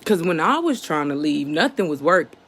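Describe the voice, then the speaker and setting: A woman's voice: low-pitched, very animated, fairly quick, husky. A woman vlogger speaking candidly and emotionally to her viewers, in casual slang full of "you know what I'm saying". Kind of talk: candid personal monologue to camera.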